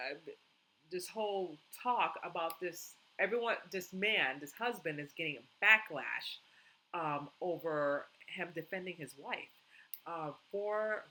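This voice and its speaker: A woman's voice: mid-range voice, pushed and bright, a little hiss or hum, low-quality recording. A woman giving opinionated reaction commentary, indignant and emphatic, repeating herself. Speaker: commentary vlogger.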